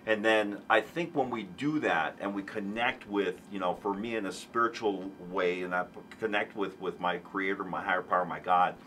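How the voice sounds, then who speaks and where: A man's voice: deep voice, normal speed, hardly any pauses, a bit bright, slight background noise. A man in his forties, an earnest guest on a talk show, explaining his recovery in a conversational way, with many restarts and emphatic bursts.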